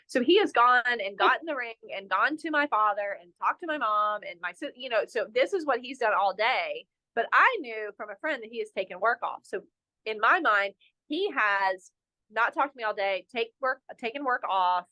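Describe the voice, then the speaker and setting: A young woman from North Carolina, a resort general manager, tells a story as a podcast guest in an animated, self-mocking way and fills her talk with "like.". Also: fairly high pitch, normal speed. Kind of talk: casual interview storytelling.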